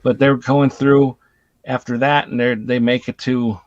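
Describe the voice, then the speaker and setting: A man's voice: mid-range voice, flat delivery, a little slow, dry recording. A man hosting a casual movie chat, animatedly retelling scenes and swearing casually. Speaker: host. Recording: dull dry lo-fi recording.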